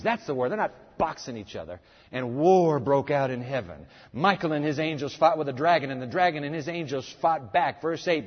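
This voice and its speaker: A male preacher delivers a sermon in a high, lively voice, pressing hard on some words and dropping low on others. The recording is dull and lo-fi, with a long echo from a big hall. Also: brisk, slightly rough. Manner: dramatic, emphatic, with big swings in loudness. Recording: echoey hall, dull lo-fi sound.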